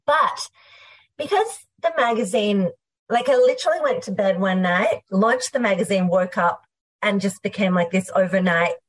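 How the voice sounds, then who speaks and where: A middle-aged Australian woman, a guest entrepreneur, tells her story in a lively, fast conversational way, full of "like" and asides. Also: mid-range voice. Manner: animated, fast, filler-heavy, uses "like" often.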